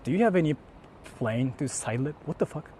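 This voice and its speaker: Walking through the city at night with a handheld mic, a man streams live chatter in loud, foul-mouthed, mocking outbursts mixing English and Japanese. His voice is a little high, animated and a little fast, though his tone stays dark and mellow, with faint traffic humming behind.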